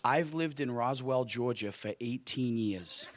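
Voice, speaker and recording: A man's voice: medium pitch, unhurried, a little hiss or hum. A middle-aged man from Cape Cod with a Boston accent, who drops his R's, giving a joking, self-deprecating keynote at a luncheon. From Cape Cod, Massachusetts. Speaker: guest speaker. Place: luncheon hall with audience.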